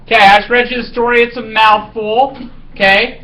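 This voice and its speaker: A man's voice: high-pitched, fairly even intonation, normal speed, sharp tone, rough recording. A male teacher reading a story aloud to his class, then giving casual directions for a writing task.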